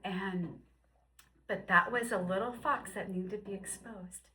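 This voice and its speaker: A woman in her fifties telling her personal faith story, moving between hushed, whispered passages and excited, high-pitched bursts. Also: measured pace, a little hiss or hum, rough recording. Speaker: guest sharing testimony. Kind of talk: emotional personal testimony.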